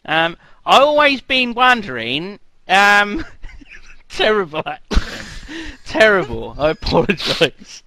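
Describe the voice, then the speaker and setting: A man voicing an overeager male Australian fan at a convention, with a bad put-on Australian accent, loud and hesitant, in an improvised comedy bit. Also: no room sound, full character voice. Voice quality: loud, high, slow and hesitant. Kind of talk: improvised comedy role-play.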